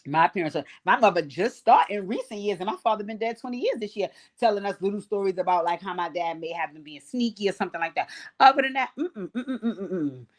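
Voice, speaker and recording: A woman's voice: medium pitch, expressive, fast. Brief: woman in her 40s, channel host, sassy and profane, casual reality TV recap, blunt asides.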